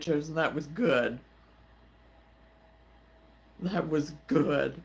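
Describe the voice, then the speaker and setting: Woman, crochet stream host; slow, drawn-out delivery, lively pitch, laughs a lot. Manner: laughs often, giggly exclamations. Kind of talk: casual livestream chat.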